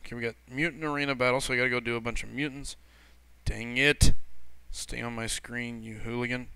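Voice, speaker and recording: This gaming livestream host is a man whose mid-range voice is gravelly, sharp, and smooth, with fairly even intonation and a brisk pace in a dry recording. He chats casually, welcoming viewers and reading their messages aloud, rambling with frequent fillers and self-corrections.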